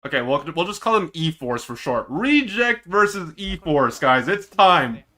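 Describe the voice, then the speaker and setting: A man streaming himself reacting to an esports match, excitable and teasing, with drawn-out dramatic groans. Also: fairly high pitch. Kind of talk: casual live-stream reaction commentary.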